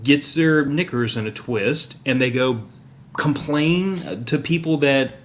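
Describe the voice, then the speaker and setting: A man's voice: mid-range voice, slow. Sarcastic opinionated male podcast host. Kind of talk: casual chat.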